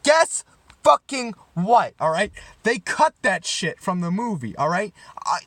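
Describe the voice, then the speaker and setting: A man's voice: high voice, expressive, moderate pace, pushed and bright, no room sound. A young man giving a mock-serious comedy rant, rambling and stumbling over his words with sudden sarcastic outbursts. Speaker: comedy vlogger.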